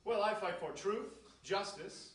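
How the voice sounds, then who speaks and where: A man's voice: high-pitched, a little slow. A man playing an earnest, polite, mild-mannered reporter and hero on a live stage. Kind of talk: live stage comedy acting. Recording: noisy echoey hall from far off.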